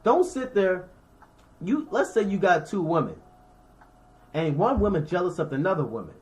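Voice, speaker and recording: A man's voice: sits high, big pitch swings, moderate pace, a little mellow. A man teaching scripture informally, reading verses and explaining them in a slangy, conversational way while checking in with his listeners. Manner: reads verses then explains them with everyday examples.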